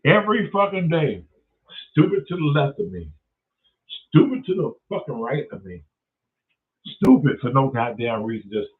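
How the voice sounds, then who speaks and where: A man tells a story in a loose, profane rant, jumping into the voices of the people involved. His pitch sits in an ordinary middle range. The sound is narrow and tinny, like a phone line. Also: moderate pace, pauses often. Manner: profane, animated storytelling with acted-out quotes. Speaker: host.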